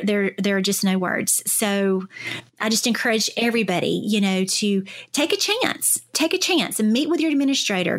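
A woman speech-language pathologist, a podcast guest, telling stories in casual conversation. She is enthusiastic, says "you know" often, and acts out colleagues in lively voices. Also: medium pitch.

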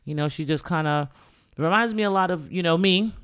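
A man from the Bronx, hosting a podcast and talking through his opinions in a rambling, animated way with lots of fillers. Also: a little high, fairly quick, clear, resonant tone. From the Bronx, New York. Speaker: podcast host and rapper. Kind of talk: casual opinion talk.

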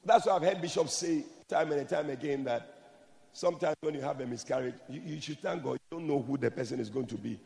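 A man preaching a sermon emphatically, moving from soft explanation to shouted blessings. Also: a little high, brisk, gravelly, long reverb tail.

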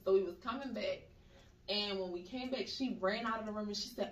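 A woman in casual chat, telling dream stories in a slangy, animated way and acting out the voices she quotes. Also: mid-range voice, a little fast, very noisy. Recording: echoey room, mic at a distance.

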